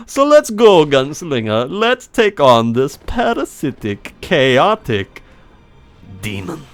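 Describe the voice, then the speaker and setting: A man voicing Heinrich, a smug, taunting older man, in a mock German accent, raised high and sing-song. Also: full character voice. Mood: gloating.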